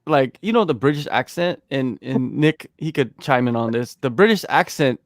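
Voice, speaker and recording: A man hosting a casual sports talk chat, emphatic and animated, often tossing in "man". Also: mid-range voice, normal speed, no room sound, studio quality. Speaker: host.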